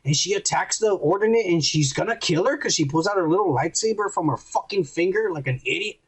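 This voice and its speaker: A man with a fairly high, husky voice rambles through an episode recap, swearing freely and slipping into the lines he quotes. Casual podcast chat between friends. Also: expressive, a little fast, low-quality recording. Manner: crude, rambling, acts out quotes. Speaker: podcast co-host.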